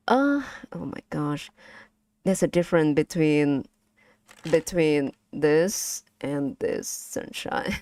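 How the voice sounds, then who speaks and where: Woman, casual lesson stream, patient, drawn-out delivery. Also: low voice, lively intonation, a little mellow, no echo, clean studio sound. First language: Vietnamese. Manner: patient, repeats and models tones, giggles often. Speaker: streamer teaching Vietnamese.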